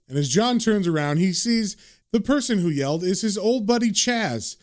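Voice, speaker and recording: Casual male comic reader, fairly high voice, loose retelling of panels. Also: lively intonation, normal speed, darkish tone. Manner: retells panels loosely, lowering his voice for quoted lines. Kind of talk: casual comic read-aloud.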